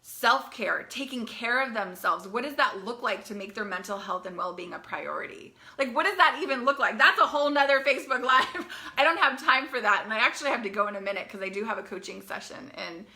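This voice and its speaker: A young woman coaching teen girls, talking in a live video to parents in a fast, chatty way, often repeating herself and asking "right?". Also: on the high side, bright, forceful tone.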